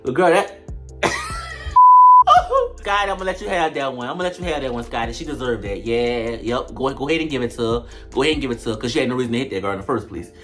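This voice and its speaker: A woman's voice: very deep voice, rapid-fire. Woman ranting about a reality show, blunt and slangy, faint music under it. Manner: animated, blunt, slangy trash talk. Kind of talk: casual reaction commentary.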